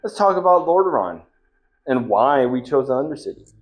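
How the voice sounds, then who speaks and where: A man's voice: medium pitch, big pitch swings, fairly quick. A man hosting a gaming channel and doing comedic in-character role-play, chatty and coaxing, often stammering and repeating his words.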